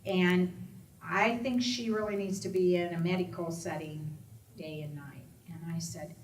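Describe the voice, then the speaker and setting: A middle-aged woman who advocates for Alzheimer's causes tells an audience a personal story, speaking at a fairly low pitch and an unhurried pace. She is an expressive storyteller who voices the people in her tale, raising her voice when quoting them. The sound is echoey and distant, with slight background noise and faint ambience.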